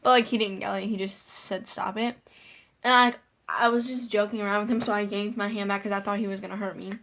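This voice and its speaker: A woman's voice: mid-range voice, fairly even intonation, quick pace, fairly bright tone. A young woman casually telling a personal story to her viewers, full of "like" fillers and giggles. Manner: chatty, lots of "like" fillers, giggly asides. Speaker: vlogger.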